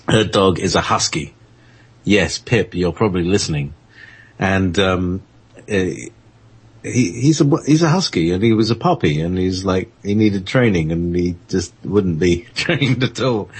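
A man hosting an internet radio show, chatting in a halting, rambling way with lots of fillers and frequent laughter. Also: on the low side, husky. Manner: halting, many fillers and restarts, laughs often. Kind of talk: rambling casual chat on air.

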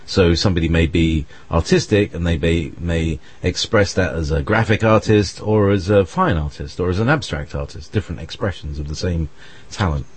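A man's voice: deep voice, normal speed, breathy edge. A British man talking in a rambling, hesitant way, with many restarts and fillers. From Britain. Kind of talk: casual conversation.

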